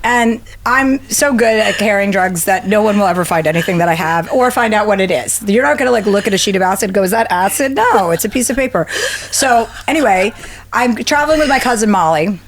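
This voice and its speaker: A woman's voice: animated, a little fast. Profane, storytelling woman in her fifties. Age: 50s. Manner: profane, acts out quotes with big pitch jumps. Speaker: podcast guest. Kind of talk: animated storytelling.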